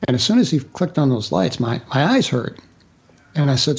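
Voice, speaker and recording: A man telling a personal story as a guest author in a radio interview, halting with fillers and restarts. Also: medium pitch, big pitch swings, dull audio.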